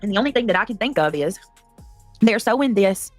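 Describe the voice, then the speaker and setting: A woman's voice: medium pitch, lively intonation, brisk, dry recording, soft background music. A woman, hosting a casual livestream, greeting viewers by name and talking emotionally and defensively.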